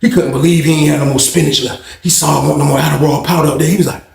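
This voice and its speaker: A man's voice: a little high, rapid-fire, vocal fry. A man telling a story in casual talk, swearing constantly and acting out what other people said. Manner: animated, acts out the other people's lines. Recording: echoey room.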